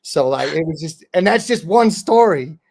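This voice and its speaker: Gravelly, slightly high rambling man. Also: animated, moderate pace, a little mellow. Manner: rambling, profane, peppered with "bro" and "dude". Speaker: podcast host and rapper. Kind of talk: casual storytelling chat.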